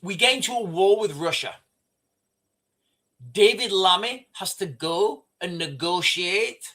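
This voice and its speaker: A man's voice: high-pitched, sharp tone. A man hosting a casual livestream, rambling and repeating himself as he reads out viewer comments. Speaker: livestream host.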